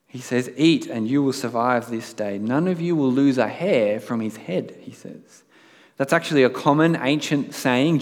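A man preaching a sermon in a conversational way, now and then reading aloud with dramatic emphasis. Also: mid-range voice. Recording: long hall reverb.

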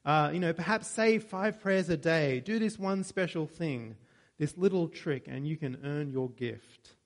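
A man's voice: fairly high pitch, measured pace. A man preaching a sermon in a conversational way, with joking asides and self-corrections.

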